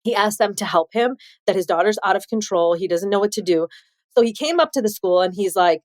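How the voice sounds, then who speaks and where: A woman in her forties from Chicago, telling her life story as a podcast guest, animated and laughing often as she acts out quotes. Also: mid-range voice, a little fast, dry recording, clean studio sound. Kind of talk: candid storytelling interview.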